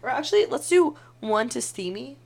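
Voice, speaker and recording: A young woman co-hosting a casual podcast, teasing and joking with quick laughs. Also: high voice, lively intonation, creaky, darkish tone. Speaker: podcast co-host.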